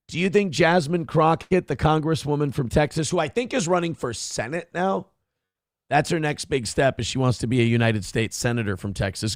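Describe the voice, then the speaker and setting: A man's voice: on the high side, no room sound, clean studio sound. A middle-aged man hosting a morning show, with crude, sarcastic and mocking commentary. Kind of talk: casual live-stream commentary.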